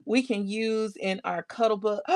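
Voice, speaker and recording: A woman's voice: mid-range voice, takes it slowly, fairly bright tone. A woman hosting a casual crafting livestream, greeting viewers by name, reading their comments aloud and talking herself through her work. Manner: talks to herself while working on crafts.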